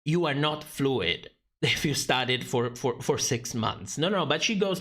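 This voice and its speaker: Male livestream commentator, sarcastic and foul-mouthed, very animated pitch, mid-range voice. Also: unhurried. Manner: sarcastic, profane ranting; laughs mid-sentence. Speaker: drag show commentator.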